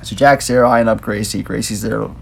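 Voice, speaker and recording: Laid-back man with a gravelly edge, rambling casual movie podcast host. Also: lowish voice, steady tone, normal speed. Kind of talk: casual movie review chat.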